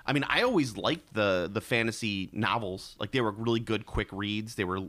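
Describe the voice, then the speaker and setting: A man's voice: lowish voice, normal speed, fairly bright tone, no echo. A man in casual chat who stumbles and repeats words as he talks.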